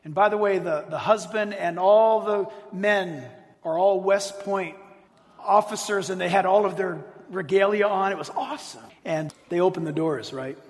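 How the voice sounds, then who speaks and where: A middle-aged man preaching a sermon to a live audience, telling stories with animated, emphatic repetition. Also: sits high, normal speed. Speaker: pastor. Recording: long hall reverb.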